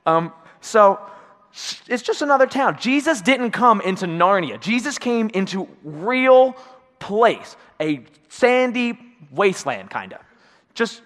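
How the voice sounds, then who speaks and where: With a long reverb tail behind him, a man preaches in a church sanctuary in a high-pitched, slightly bright voice. As pastor, he speaks conversationally, acts out quotes, and often asks his listeners "right?".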